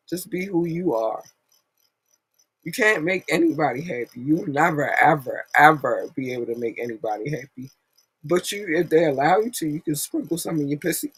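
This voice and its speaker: A woman's voice: low voice, husky, dry recording, low-quality recording. A woman hosting a podcast, giving a blunt, profane, rambling pep talk in a casual monologue. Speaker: podcast host.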